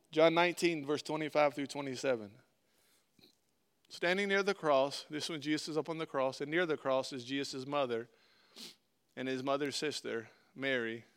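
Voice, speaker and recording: Man preaching in a smooth resonant voice. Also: medium pitch, fairly bright tone. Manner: earnest, conversational preaching, reads scripture then explains it plainly. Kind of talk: sermon.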